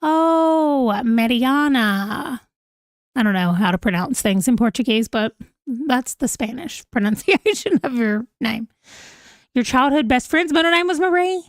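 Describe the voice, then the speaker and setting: Woman, 30s, livestream host at home; giggly, conversational, slightly high voice, dry close sound. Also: lively intonation, unhurried, no echo. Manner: chatty and giggly, reacting to viewer comments. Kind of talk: casual livestream chat reading comments. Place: home room, holding a pet.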